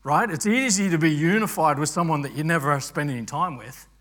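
A man's voice: on the high side, a little fast. A man preaching a sermon as pastor, earnest, often repeating words as he thinks aloud. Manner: soft prayer voice, then builds to emphatic teaching.

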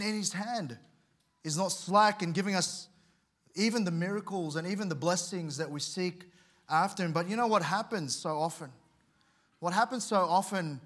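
A man's voice: fairly high pitch, fairly bright tone. Earnest man preaching a sermon. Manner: earnest, repeats words and restarts often; tells a story with dramatic rises in volume.

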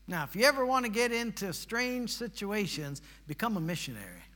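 Male preacher, sermon storytelling; high and very bright, folksy, builds to emphatic peaks. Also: sing-song, fairly quick.

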